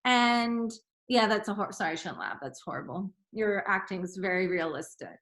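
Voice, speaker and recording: A woman teacher with a bright, clear voice reads a fable aloud to young children. She talks in a gentle, chatty way, pausing to explain. The voice rings in an echoey room. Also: medium pitch. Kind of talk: storytime reading and chat.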